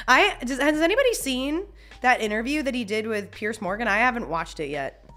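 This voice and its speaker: A woman's voice: a little high, expressive, moderate pace, pauses often, a bit bright, faint music behind. A young woman chatting casually on a live stream, reading chat messages, laughing often and talking with lots of restarts. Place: home.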